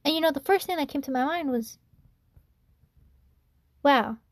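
A woman's voice: sits high, quick pace, dry recording. A woman student telling a story in a rambling, casual way, full of "you know" and "I'm like", sounding anxious and hard on herself. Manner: anxious, self-reproaching.

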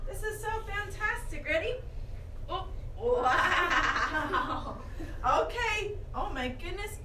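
A woman guides a children's yoga class in a very high, drawn-out voice, full of delighted exclamations. The room is echoey, and guitar music plays clearly behind her. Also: distant mic, heavy background noise. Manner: playful, excited cueing with many exclamations. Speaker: kids yoga teacher.

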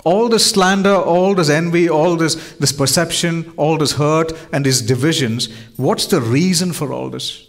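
A man's voice: a little high, unhurried, few pauses. A man pastor preaching a sermon in an earnest way, often asking his listeners rhetorical questions.

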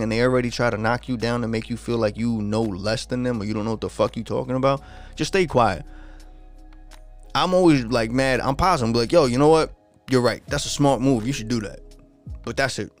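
A man hosting a podcast, ranting in a casual, profane and frustrated monologue. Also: medium pitch.

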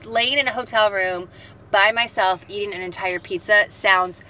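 A woman's voice: mid-range voice, normal speed, sharp tone, low-quality recording. A woman co-hosting a podcast, chatting casually and rambling through a story. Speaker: podcast co-host. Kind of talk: casual chat.

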